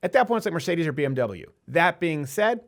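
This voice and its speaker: Fast-talking male talk show host. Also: a little high. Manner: fast, animated delivery with sudden loud bursts. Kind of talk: casual talk-show chat.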